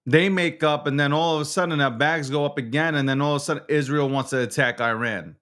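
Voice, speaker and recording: A man's voice: a little high, quick pace, a bit bright. Fired-up man ranting with heavy profanity. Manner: heated, profane, repetitive. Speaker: host. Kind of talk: angry on-camera rant.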